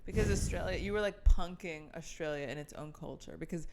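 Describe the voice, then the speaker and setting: A woman's voice: fairly low pitch, a little fast, heavy background noise. A woman hosting a casual comedy chat with a friend, encouraging him and laughing along. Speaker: comedian host.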